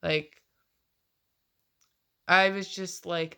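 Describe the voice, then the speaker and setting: A woman's voice: lowish voice, lively intonation, takes it slowly, a bit bright. A woman in her late twenties rambling casually in a confessional vlog, swearing often and laughing between phrases. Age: late 20s. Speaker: vlogger.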